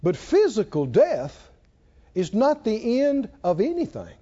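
High-voiced folksy preacher. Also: male voice, wildly swooping pitch, takes it slowly, breathy edge. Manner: folksy, emphatic, builds to shouting. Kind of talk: sermon. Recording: dull lo-fi sound.

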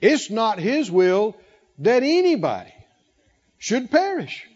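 A man's voice: high voice, huge pitch swings, slow, darkish tone, muffled recording. A man preaching a sermon as pastor, emphatic and calling out questions for the congregation to answer.

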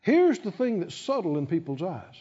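A man preaching a sermon with emphasis, acting out quoted voices and building to loud peaks. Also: high-pitched, sing-song, moderate pace. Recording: dull, reverberant hall sound.

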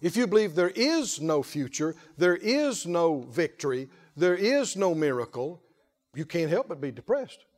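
A male pastor preaching a lively sermon, often laughing and calling out to the congregation. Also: fairly high pitch, measured pace. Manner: animated, laughing, call-and-response preaching.

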